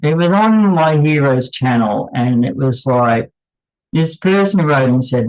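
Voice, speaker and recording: Guy rambling thru an unscripted breakdown, slow and blunt, keeps going off on tangents. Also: medium pitch, expressive, rough recording. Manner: candid and blunt. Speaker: channel host. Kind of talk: unscripted commentary.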